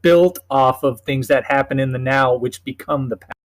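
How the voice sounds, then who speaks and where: A man's voice: mid-range voice, normal speed, no room sound. A man in a casual argument, needling with skeptical questions.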